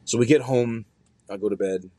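A man's voice: medium pitch, moderate pace, warm tone, no echo. A young man telling a personal story in a loose, conversational way, with plenty of fillers and slang.

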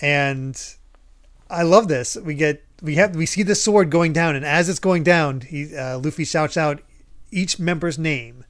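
A man's voice: fairly high pitch, measured pace, fairly bright tone. A man hosting a podcast, chatting casually about a comic and quoting its characters with lots of laughter. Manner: laughs often, quotes characters animatedly. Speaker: podcast host.

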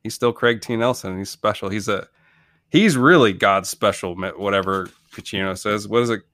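Podcast co-host, male, lowish voice, loose rambling comic delivery, dry studio sound. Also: normal speed, a bit bright, no room sound. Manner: rambling, jokey, many restarts. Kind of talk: casual comedic movie chat.

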